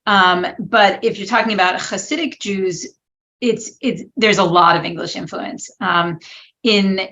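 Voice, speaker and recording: A woman speaking as a guest expert on a webinar panel, explaining in a measured way over a video call. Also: mid-range voice, bright, forceful tone, lo-fi sound, a little hiss or hum.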